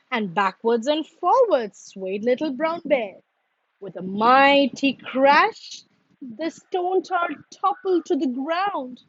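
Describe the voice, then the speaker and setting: Slow expressive woman reading a storybook. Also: sits high, no echo, lo-fi sound. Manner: slow, expressive, sing-song. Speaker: children's story reader.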